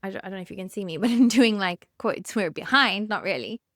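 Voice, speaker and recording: Speaking fast with an expressive, medium-pitched voice, a woman in her thirties from South Africa records a personal monologue for her podcast. The sound is clean studio audio without echo. As a host and therapist, she is candid and emotional, laughing softly even as she chokes up near tears.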